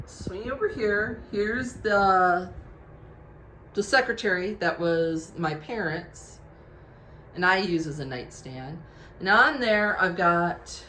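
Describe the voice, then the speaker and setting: Her voice lowish and a bit bright, a home decor vlogger walks through her redecorated bedroom on a tripod-mounted camera, chatting casually as she points out each piece. The sound is roomy with slight background noise.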